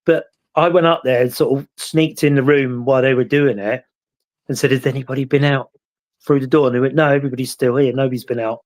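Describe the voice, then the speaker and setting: A man's voice: medium pitch, fairly even intonation, fast talker. A man with a British accent, hosting a casual chat and telling stories in a rambling, reflective way. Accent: British English. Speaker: host.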